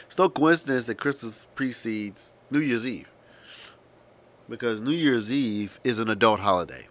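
A man with a slightly low voice holds forth as a podcast host in a comedic rant. He is sarcastic and crude, punching some words loudly and muttering others under his breath. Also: lively intonation, moderate pace. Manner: sarcastic, profane ranting; shifts between loud emphasis and muttered asides. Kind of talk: comedic monologue.

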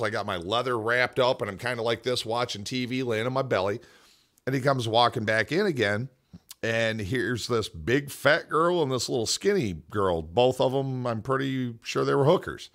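A man's voice: medium pitch, normal speed. A man from the US Northwest telling a story in casual podcast chat, swearing a lot and acting out the voices of the people in it. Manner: profane, animated storyteller who acts out quotes. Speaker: podcast co-host.

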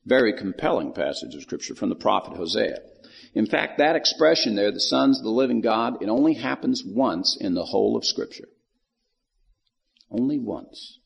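A man's voice: on the low side, expressive, moderate pace, gravelly, breathy edge, in a large hall, muffled recording. A man giving folksy Bible teaching and acting out the lines of the people in the story.

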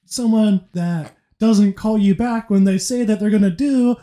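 A man hosting a podcast, chatting casually about movies and retelling scenes with animated laughter. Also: high voice, a little slow. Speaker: podcast host.

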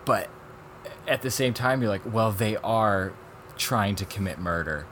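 A man casually chatting on a podcast, reviewing documentaries in an animated, rambling way and quoting people as he goes. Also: on the low side, a little slow, a little hiss or hum. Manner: rambling, animated retelling with quoted voices and laughs. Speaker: podcast co-host.

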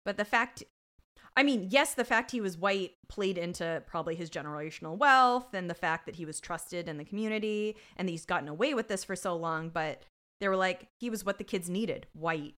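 A woman's voice: fairly low pitch, a little fast, a bit bright. Emphatic woman podcast co-host. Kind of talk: casual chat.

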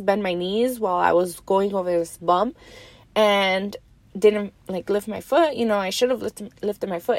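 A young woman vlogger telling a story in a casual, animated way, lots of fillers and swearing. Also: mid-range voice, no echo.

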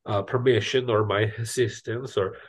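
A man voicing a cranky male gnome ship owner with a put-on Scandinavian-ish accent, high and shouty, bossy and rude. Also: steady tone, normal speed, slightly rough. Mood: indignant.

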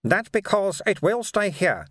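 A man's voice: high voice, big pitch swings, a little slow, fairly bright tone, dry recording, clean studio sound, voice pushed up, exaggerated voice. A man doing a patient matter-of-fact old monk.

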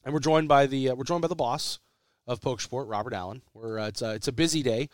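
Sick and congested, a man hosts a casual sports podcast, rambling and repeating himself whenever he restarts. He talks fast at a medium pitch, in clean studio sound with no echo.

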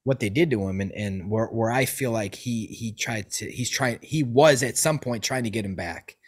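A man's voice: on the low side, normal speed, breathy edge. Give me a rambling, swearing male podcast host. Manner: profane, rambling storytelling with many restarts. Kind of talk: casual chat.

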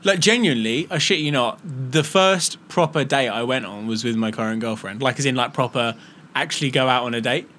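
English guy co-hosting a podcast, dry little comments, bright voice, bit of noise behind. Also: medium pitch, fairly quick. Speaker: podcast co-host. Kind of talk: casual chat.

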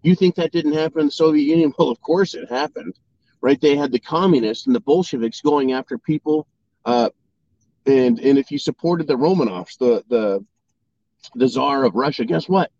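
A man's voice: on the high side, moderate pace, dark tone, slight background noise. A man delivering a political opinion monologue, firing rhetorical questions and often asking "right?" to his audience. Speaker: political commentator. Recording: dry, dull lo-fi sound.

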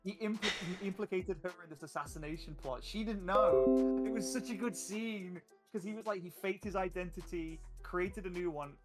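A man's voice: high voice, moderate pace, hardly any pauses, over music. A man in casual podcast chat, eagerly retelling the story of the tabletop game he runs and laughing along the way. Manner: animated, laughing while recounting game plot. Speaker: podcast guest, game master.

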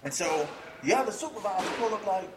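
Animated man telling a story, echoey room. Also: high-pitched, fast, distant mic, background noise. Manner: animated, acts out quoted voices, laughs often, swears freely. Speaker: podcast guest, combat sports fighter. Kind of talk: casual storytelling.

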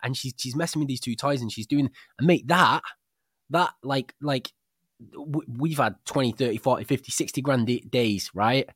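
A man, co-hosting a casual podcast and telling animated stories with plenty of swearing and restarts. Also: medium pitch, moderate pace, slightly rough, dry recording, studio quality. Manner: animated storyteller, swears freely, many restarts. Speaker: podcast co-host.

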